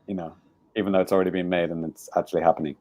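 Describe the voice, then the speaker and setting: A man's voice: sits low, little pitch movement, racing, mellow, dry recording. A man co-hosting a casual podcast, teasing the others with sarcastic remarks. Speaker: podcast co-host.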